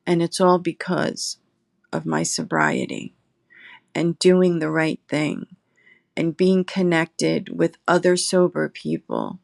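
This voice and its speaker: A middle-aged woman, a guest in recovery, telling her personal story slowly and reflectively, pausing often. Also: on the low side, gravelly, no echo, studio quality. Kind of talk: emotional personal testimony. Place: her apartment.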